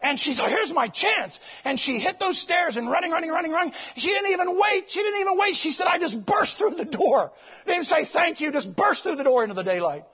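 A man preaching, moving from shouted exclamations to hushed storytelling and repeating his phrases. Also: very high voice, sing-song, a little fast, muffled recording. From United States. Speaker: visiting preacher. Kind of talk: sermon storytelling.

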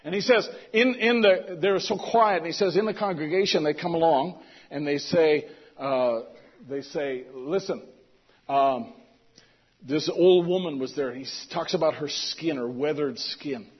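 A male preacher telling a story in a sermon, swinging between loud emphasis and hushed asides. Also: fairly high pitch, a little slow, husky, dull audio.

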